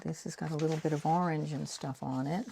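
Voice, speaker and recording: Speaking fairly quickly, she has a low, gravelly, dark voice with fairly even intonation, and there's slight background noise. She's an art vlogger from the Boston area in her sixties who makes prints, rambling and making light of herself as she paints.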